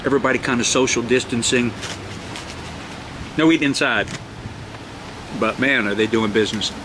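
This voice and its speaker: A man's voice: medium pitch, normal speed. A middle-aged man talks casually into a handheld camera. He is enthusiastic and keeps exclaiming over his food. Faint outdoor noise runs underneath. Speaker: outdoor vlogger. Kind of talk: casual vlog narration.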